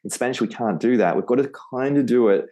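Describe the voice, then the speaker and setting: On a podcast interview, an Australian-accented man who teaches Spanish explains patiently as a guest, repeating words to show how they sound. His voice is medium-pitched and dark in tone, with a quick pace.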